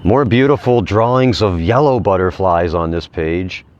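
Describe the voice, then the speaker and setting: A man reading inspirational quotes aloud and commenting on them casually, repeating key phrases slowly for emphasis. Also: deep voice, darkish tone, highs cut off. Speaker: vlogger.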